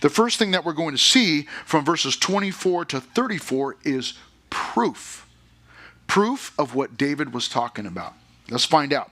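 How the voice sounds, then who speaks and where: A man's voice: a little high, expressive, normal speed, bright, forceful tone. A man pastor giving a sermon to a youth congregation in a conversational way, reading scripture and checking in with questions. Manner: conversational, asks the listeners questions.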